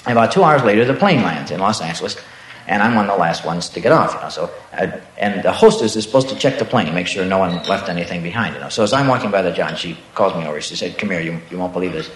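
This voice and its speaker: A man with a somewhat low voice spins a stand-up anecdote, chuckling as he goes. The room is echoey, with clear crowd and room noise behind him. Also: expressive, quick pace, fairly bright tone. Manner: chuckling through his own jokes. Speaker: stand-up comedian. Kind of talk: stand-up storytelling.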